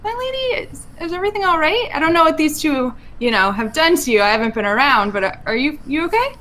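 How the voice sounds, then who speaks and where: A woman's voice: medium pitch, lively intonation, normal speed, fairly bright tone, slight background noise, lightly acted. A woman voicing a dutiful young adventurer. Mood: worried. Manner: polite, hesitant, with restarts.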